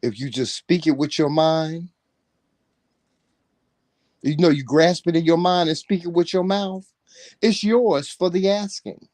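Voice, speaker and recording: A man's voice: a little high, fairly even intonation, unhurried, long pauses, a little mellow, dry recording. A man in casual chat, talking animatedly in a preachy way and swearing freely. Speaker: co-host.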